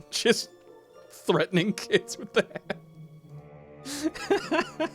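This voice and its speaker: A man's voice: a little high, very animated, slow pace, long pauses, faint music behind. A man streaming a role-playing game, chatting casually with viewers, laughing often and reading dialogue aloud. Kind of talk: casual game commentary with chat.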